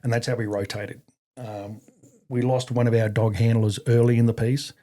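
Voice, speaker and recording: A man's voice: medium pitch, flat delivery, moderate pace, mellow. A middle-aged Australian man, an army veteran, telling stories in a rambling casual way with many fillers and restarts. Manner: rambling, frequent fillers and restarts, acts out quoted voices. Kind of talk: casual storytelling.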